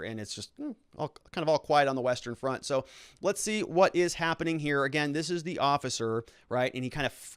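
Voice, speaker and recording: A man's voice: mid-range voice, no room sound, studio quality. A man giving casual legal commentary as a lawyer, talking in a loose, conversational way with sarcastic asides.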